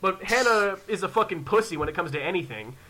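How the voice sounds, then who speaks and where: Young male podcast host: high, sharp voice, profane and animated, acts out the people in his stories. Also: quick pace. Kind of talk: casual storytelling chat.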